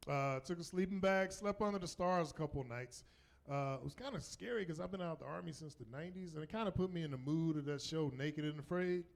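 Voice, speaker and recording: Southern man in his 50s, stand-up comic, slightly high voice, loose and chatty, tags jokes with "right?". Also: quick pace, gravelly. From North Carolina, US. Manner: loose, conversational, keeps asking "right?" and laughing at his own jokes. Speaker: stand-up comedian. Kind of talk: stand-up comedy set. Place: comedy club stage. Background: audience laughter.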